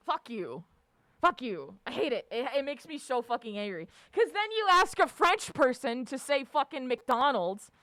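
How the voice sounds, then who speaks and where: A woman's voice: on the high side, very animated, moderate pace, fairly bright tone, clear, resonant tone, dry recording. A woman livestreamer chatting casually with her viewers, ranting with lots of swearing and frequent laughter. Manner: profane, ranting, laughs often. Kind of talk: casual live-stream chat.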